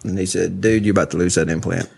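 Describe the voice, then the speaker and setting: A man chatting casually, rambling through stories and laughing loudly. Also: deep voice, steady tone, fast talker, vocal fry, breathy edge. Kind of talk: casual chat.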